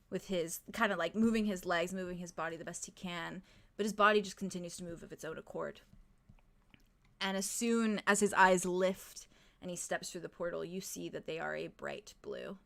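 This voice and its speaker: A woman as game master narrating a tabletop game, halting and full of fillers. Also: on the low side, creaky, fairly bright tone.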